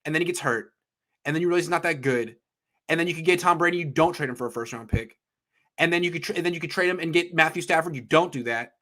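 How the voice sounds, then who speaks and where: Man, sports talk rant, fairly high pitch, emphatic, worked up. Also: a bit bright. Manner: ranting, emphatic, swears, pitch jumps when worked up. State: excited. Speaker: podcast co-host.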